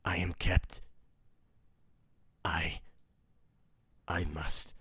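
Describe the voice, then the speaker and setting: A dying Fae spirit speaks in a deep, husky whisper. The eerie voice crawls along with long halting pauses. Its pitch barely moves. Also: male voice, little pitch movement, pushed and bright, no room sound, heavily acted. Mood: eerie, fading. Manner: slow, halting, breathy whisper. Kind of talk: whispered role-play.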